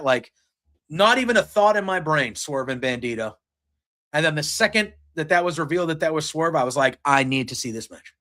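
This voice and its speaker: A man with a slightly raised voice hosts a podcast and chats through a wrestling recap. He gets excited and rambles a bit, retelling scenes and quoting lines as he goes. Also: on the high side. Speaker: podcast host. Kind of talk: casual wrestling show recap. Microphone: streaming setup.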